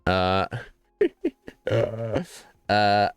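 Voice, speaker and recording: A man's voice: lowish voice, level tone, very slow, clear, resonant tone, no room sound, faint music behind. A man streaming a game, chatting casually in a rambling way and laughing often. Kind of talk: casual livestream chat.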